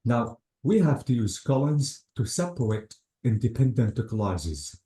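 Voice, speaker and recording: In an echoey room, a male English teacher explains grammar in a methodical classroom style, taking examples step by step and relying on words like "notice" and "absolutely." His mid-range voice is mellow and very animated, and his pace is a little slow.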